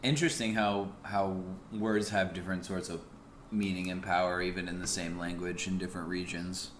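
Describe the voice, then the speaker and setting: Low-voiced chatty male podcast host. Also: level tone, moderate pace. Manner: chatty, explaining, teasing. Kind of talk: casual chat. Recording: roomy echo, faint noise.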